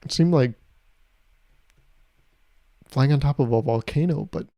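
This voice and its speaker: A man's voice: medium pitch, measured pace, mellow, no echo, studio quality. A young man hosting his podcast, telling a travel story in a casual, comedic way with exasperated, swearing rants. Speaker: podcast host.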